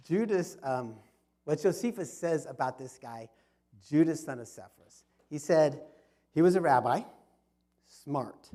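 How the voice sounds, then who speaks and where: Man, club history talk, slightly high mellow voice, storyteller who restarts phrases. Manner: storytelling with frequent restarts and repetitions. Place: fellowship hall.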